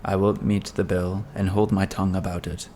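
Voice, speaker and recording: A man reading a courteous young gentleman. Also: deep voice, flat delivery, moderate pace, a little hiss or hum, lightly acted. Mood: earnest. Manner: formal, courteous. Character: polite young gentleman, earnest and composed. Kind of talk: audiobook character reading.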